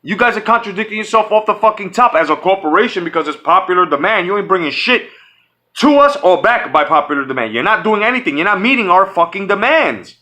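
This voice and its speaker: A man's voice: sits high, sing-song, quick pace, pushed and bright. A man hosting his own channel, ranting angrily and profanely, often repeating himself and restarting his sentences. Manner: profane, heated, repetitive. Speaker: channel host. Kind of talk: angry fan rant.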